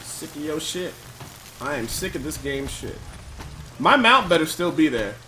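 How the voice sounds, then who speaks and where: A man giving gameplay commentary, thinking aloud and loudly trash-talking enemies with plenty of swearing. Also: fairly high pitch, big pitch swings, moderate pace, noisy background. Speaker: let's play commentator.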